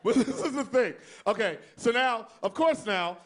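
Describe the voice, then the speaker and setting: A man's voice: very high-pitched, lively intonation, normal speed, fairly bright tone. A man from Texas doing a live stand-up set, telling stories in a sassy, flamboyant way with asides to the crowd. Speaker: stand-up comedian.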